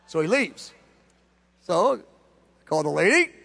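A man's voice: sits high, lively intonation, normal speed, vocal fry, long pauses, fairly bright tone. A male pastor who tells stories in a sermon and acts out all of the dialogue. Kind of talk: storytelling sermon.

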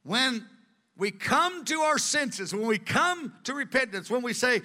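A man preaching a sermon with earnest, animated delivery, in a large hall. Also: very high voice, unhurried. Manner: earnest, acts out quoted voices. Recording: long hall reverb.

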